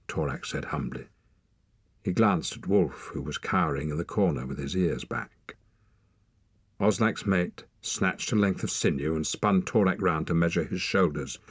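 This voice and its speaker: An older man reading an audiobook in an expressive, lilting storyteller manner, close to the mic. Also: low-pitched, normal speed, breathy edge, dry recording. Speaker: audiobook narrator. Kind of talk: audiobook narration. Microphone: close studio mic.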